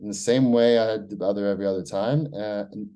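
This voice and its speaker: Quick and mellow, with a lowish voice and fairly even intonation, an American vlogger talks through his personal log. It's a loose, profane ramble packed with "like" and "right?".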